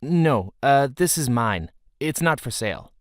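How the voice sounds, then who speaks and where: A man voicing an anxious, polite young boy who pleads earnestly in a higher voice. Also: expressive, measured pace, dry recording, studio quality, lightly acted. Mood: anxious pleading.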